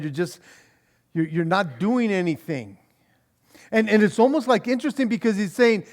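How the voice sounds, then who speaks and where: A man with a high, light voice teaches scripture as a pastor at a church Bible study. He talks in an animated, conversational way, stumbling and repeating words as he goes. He laughs easily between points. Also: normal speed, pauses often.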